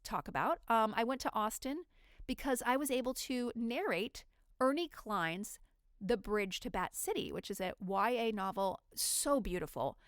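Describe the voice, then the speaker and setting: Smooth-voiced woman rambling freely. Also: fairly high pitch, fairly bright tone, no room sound, studio quality. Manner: rambling, unedited and chatty. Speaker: podcast host. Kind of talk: casual solo monologue.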